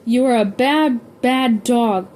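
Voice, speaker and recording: Woman reading as a sharp, scolding young mother. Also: on the high side, slow, slight background noise. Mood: angry.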